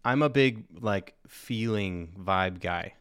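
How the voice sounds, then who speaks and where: A man's voice: on the low side, slow, fairly bright tone, clear, resonant tone, dry recording. Man, 30s, podcast guest, laid-back rambling chat, dry close sound. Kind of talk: casual chat.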